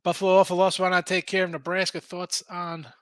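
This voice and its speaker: A man's voice: high voice, little pitch movement, a little fast, clear, resonant tone, dry recording. A man hosting a casual sports betting show, arguing picks animatedly and reading chat comments aloud.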